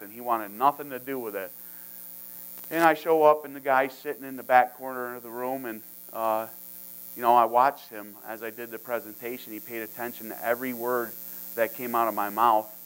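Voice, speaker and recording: A man's voice: mid-range voice, clean tone, low-quality recording. A man telling a long story to an audience at a sales training, acting out phone conversations in quoted lines.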